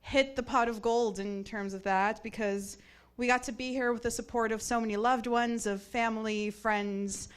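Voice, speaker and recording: A young woman with a smooth, clear voice speaks to her classmates at graduation. Her tone is heartfelt and grateful. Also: a little high, steady tone, normal speed. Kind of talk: graduation speech.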